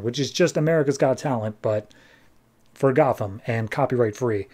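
A man hosting a comics podcast, summarizing an issue in a relaxed, wry tone and dropping jokes along the way. His voice is mellow and dark-toned at a middling pitch. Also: normal speed. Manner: jokey, wry, acts out quotes. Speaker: podcast host. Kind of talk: casual comic-book recap.

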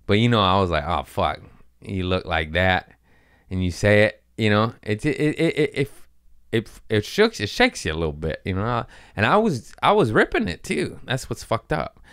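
A man's voice: sits low, a bit bright, clean tone, dry recording, clean studio sound. A man, a comedian, telling a casual, profane story, laughing often and acting out his own quotes.

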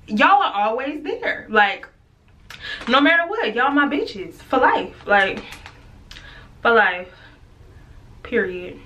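A young woman with a bright, fairly high voice talks straight to her viewers in a loose, casual vlog. She vents with plenty of swearing and laughs in between, calling her audience "girl" and "y'all". She is pregnant and talks like she is chatting with close friends. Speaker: vlogger. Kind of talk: casual venting to camera.

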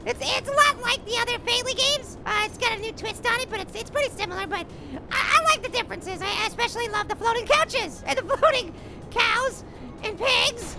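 Little Apple, squeaky hyper cartoon apple. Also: female voice, lively intonation, a little fast. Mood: excited. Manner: giddy, laughs often, coins silly catchphrases, shouts at game. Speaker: gameplay commentator. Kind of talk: cartoon gaming commentary. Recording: game music playing behind the voice. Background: game music and sound effects.

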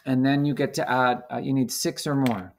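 A man teacher talking through a coding lesson on screen, halting and full of fillers. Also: medium pitch, fairly even intonation, vocal fry, noisy background. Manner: slow, halting, many fillers.

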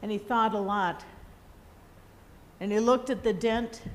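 A woman preaching a sermon, telling a story in a gentle, reflective way. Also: mid-range voice, fairly even intonation, unhurried.

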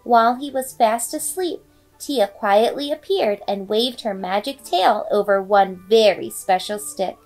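A woman reading a children's bedtime story aloud with expressive, dramatic storybook delivery. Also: mid-range voice, measured pace. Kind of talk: bedtime read-aloud narration. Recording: faint background music.

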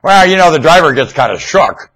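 A man's voice: on the high side, lively intonation, fairly quick, a bit bright. A man rambling in a loose monologue to his webcam, stammering and repeating himself. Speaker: webcam vlogger. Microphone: webcam mic.

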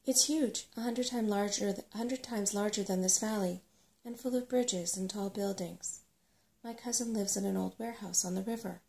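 A woman's voice: medium pitch, normal speed, vocal fry, mellow, natural voice. Woman playing a fussy worried rat, whispered role-play. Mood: explaining. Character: fussy, worried female rat advising travellers.

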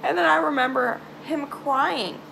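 A young woman telling a personal story to camera in a halting, emotional way, trailing off into sighs and nervous laughs. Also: sits high, gravelly, background noise. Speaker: vlogger. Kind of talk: confessional storytime vlog.

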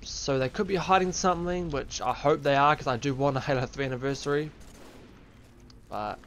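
A man's voice: mid-range voice, a little fast, fairly bright tone, a little hiss or hum. A man giving casual live commentary while streaming a game, chatty and upbeat, buzzing from coffee. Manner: chatty, upbeat, addresses viewers as fellas. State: caffeinated and buzzing. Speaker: gaming streamer.

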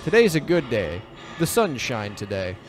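A man's voice: medium pitch, big pitch swings, moderate pace, background noise. A young man commentating his own gameplay, reacting nervously, swearing and talking to the characters on screen. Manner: jumpy, talks to game characters, swears. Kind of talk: let's play commentary.

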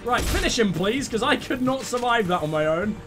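A man commentating his own gameplay, excitable, swearing freely and giving orders to his teammates. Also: very high voice, brisk, music in the background. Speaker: let's play host.

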